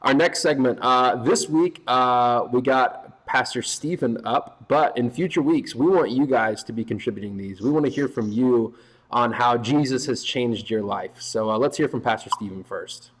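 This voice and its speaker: A man hosting a youth ministry show in a relaxed way, with frequent hesitant fillers. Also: mid-range voice, normal speed, low-quality recording.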